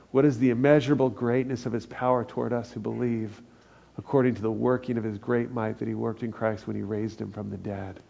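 A man's voice: mid-range voice, gravelly, mellow, lo-fi sound. A man preaching a sermon as pastor, earnest and building to emphatic peaks.

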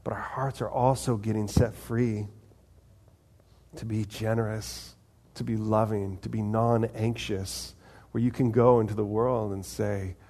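With a warm, fairly low voice, a pastor preaches a little slowly and with fairly even intonation. His sermon is conversational: he asks the congregation questions and performs brief dialogues, taking on the voices of God and people.

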